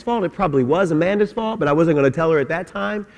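A middle-aged man, a pastor, telling a personal story in an animated sermon in church. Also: a little high, quick pace, muffled recording. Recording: long hall reverb.

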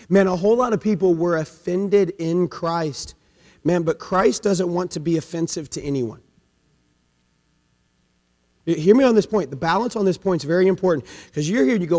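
A man preaching a sermon as pastor, swinging between loud emphatic peaks and hushed low passages, often saying "man". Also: moderate pace, in a large hall. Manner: repeats "man" as a filler.

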